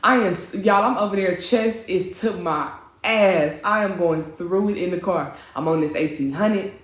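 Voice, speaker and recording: A young woman retelling a dramatic dating story in a casual storytime vlog, animated and profane with lots of slang. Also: on the low side, moderate pace. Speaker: vlogger. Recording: roomy, echoey room.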